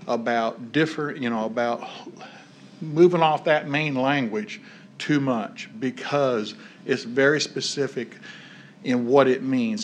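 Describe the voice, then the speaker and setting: A man giving a measured, cautionary public comment at a county meeting. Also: medium pitch, fairly bright tone, a little hiss or hum. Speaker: public speaker at a planning meeting.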